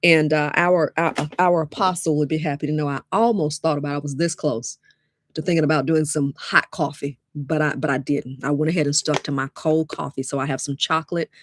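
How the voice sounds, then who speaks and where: A woman hosting a live webinar, chatty and lively, talking straight to her viewers. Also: low-pitched, fairly quick, slight background noise. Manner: lively, chatty, addresses audience as y'all. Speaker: webinar host and dating coach.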